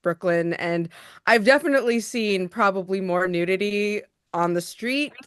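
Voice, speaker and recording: A woman's voice: medium pitch, moderate pace, a bit bright, smooth, dry recording, studio quality. Playful woman podcast co-host. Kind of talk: casual interview chat.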